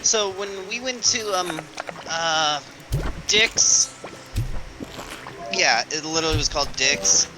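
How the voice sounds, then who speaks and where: Man chatting over loud game music. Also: on the high side, takes it slowly, pauses often, low-quality recording. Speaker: stream co-host. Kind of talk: casual gaming chat.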